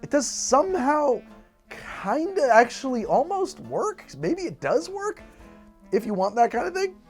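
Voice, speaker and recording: A man hosting a cocktail show, chatting casually as he mixes and tastes drinks, rambling and restarting his sentences. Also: high voice. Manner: rambling and animated, trailing off and restarting. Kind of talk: casual chat while mixing drinks.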